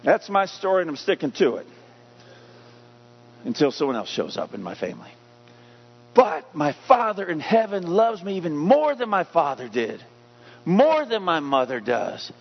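A man's voice: fairly high pitch, big pitch swings, moderate pace, pauses often. A man preaching a sermon as pastor, emphatic, putting questions to his congregation. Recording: dull lo-fi recording.

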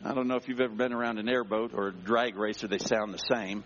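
A male pastor telling a personal story in a sermon, dramatic, dropping to a hush and rising again. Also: fairly low pitch, level tone, quick pace, slight background noise. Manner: dramatic, swings between hushed and raised voice. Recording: dull sound with long hall reverb.

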